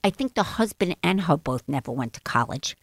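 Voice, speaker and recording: A middle-aged woman co-hosting a chat podcast, reacting with animated comments and frequent laughs. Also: low voice, a little fast, no room sound. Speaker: podcast co-host.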